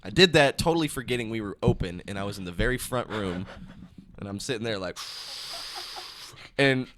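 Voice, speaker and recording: A young man co-hosting a casual podcast chat, telling animated stories and swearing freely. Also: lowish voice, a little fast, noisy background. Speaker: podcast co-host.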